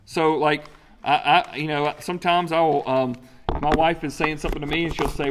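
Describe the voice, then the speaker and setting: A man's voice: a little high, a little fast, crowd noise. A man preaching a sermon in a conversational way, putting questions to the congregation and answering them himself. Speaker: pastor.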